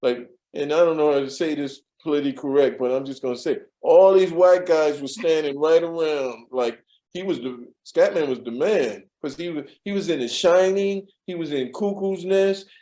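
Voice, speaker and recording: Man, rambling storyteller, mellow warm tone, slightly high voice, interview guest. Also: moderate pace, low-quality recording. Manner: rambling, many fillers and restarts, laughs at his own stories. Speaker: former studio assistant, interview guest.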